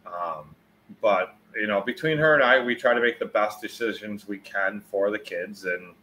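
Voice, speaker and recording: A man in his forties talks to his viewers on a casual livestream. His voice sits a little low, with a faint hum of noise behind him. He rambles, swears without thinking, and gets loud when he tells a story. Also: moderate pace. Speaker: livestreamer answering chat.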